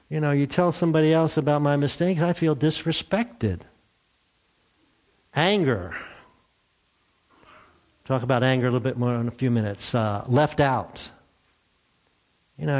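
A man's voice: mid-range voice, darkish tone. An older man preaching a sermon in a church, speaking to his congregation in a conversational, self-deprecating way. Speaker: pastor.

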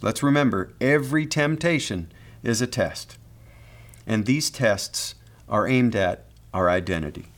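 Man, pastor, sermon, earnest, pastoral, mid-pitched voice. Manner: earnest, pastoral, repeats words while building a point.

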